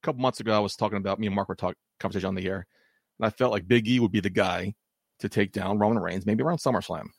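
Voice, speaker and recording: A man's voice: lowish voice, rapid-fire, creaky, no echo, studio quality. A man co-hosting a wrestling podcast who talks bluntly, emphatically, and moves the show from match to match. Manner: blunt, emphatic, runs the segments. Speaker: podcast co-host. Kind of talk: casual wrestling chat.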